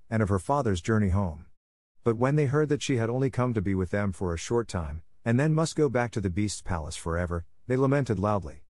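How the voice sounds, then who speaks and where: A male narrator reads a classic fairy tale in a steady, even storytelling manner. His voice is on the low side, and the recording is dry and close with no room sound. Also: no room sound. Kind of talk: scripted audiobook narration.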